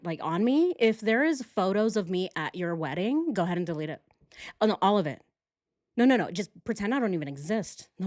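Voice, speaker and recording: A woman's voice: mid-range voice, no echo, clean studio sound, natural voice. A woman putting on a mocking impression of a petty, melodramatic young woman who rattles off orders on the phone, whiny and over the top. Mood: gushing fake.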